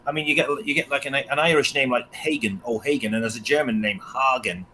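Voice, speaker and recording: A man in his forties from England talks quickly and animatedly, often dropping into mocking impressions. Faint ambient hiss sits under his voice. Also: medium pitch, bright, forceful tone, low-quality recording. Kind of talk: casual political discussion.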